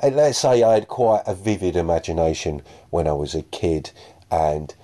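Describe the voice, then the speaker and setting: A man's voice: low-pitched, moderate pace, dark tone. A man hosting a podcast, chatting casually and a bit self-deprecatingly about listener messages. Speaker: podcast host.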